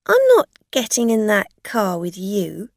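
A woman's voice: mid-range voice, big pitch swings, unhurried, creaky, no echo, clean studio sound. A woman voicing a scheming con woman who makes blunt, accusing demands. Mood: demanding.

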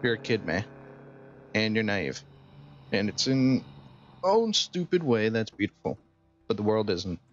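Guy reading a tired serious cop lady in a game, low flat voice, muffled dry audio. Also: measured pace, long pauses, a little hiss or hum. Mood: grave. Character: adult female cop, stern and weary. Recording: dull dry game capture with music.

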